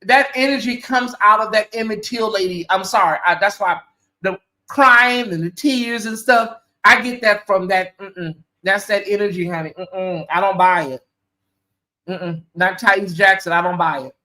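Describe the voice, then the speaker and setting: A woman hosting her own commentary channel, talking to viewers in an animated, emphatic and sarcastic way. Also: medium pitch, moderate pace.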